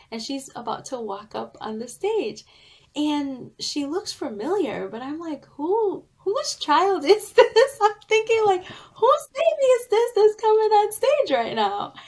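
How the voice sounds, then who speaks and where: Slow, earnest woman sharing a personal story. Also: mid-range voice. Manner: earnest, heartfelt, deliberate. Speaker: author and therapist being interviewed.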